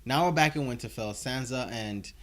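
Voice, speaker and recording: A man's voice: medium pitch, normal speed, fairly bright tone. A man casually recapping and reviewing a TV episode, rambling along with many filler words. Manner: rambling, heavy on "you know" fillers.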